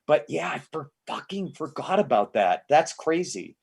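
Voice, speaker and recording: A man in casual podcast chat, an excitable storyteller who stammers through restarts and swears freely. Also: on the high side, moderate pace, gravelly, slightly rough.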